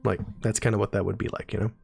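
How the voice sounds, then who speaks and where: A man's voice: on the low side, flat delivery, racing, vocal fry, a little mellow, breathy edge, faint music behind. A man giving a casual live-stream neuroscience lesson, explaining terms and checking in with viewers as he goes. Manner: chatty, explains terms with frequent "right?" and "okay?" check-ins.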